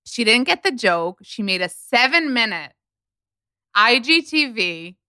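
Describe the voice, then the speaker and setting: A woman podcast host chatting casually, her voice bright and smooth. She talks emphatically, full of quick asides, and the sound is dry and close. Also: on the high side, sing-song, no echo. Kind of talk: casual chat.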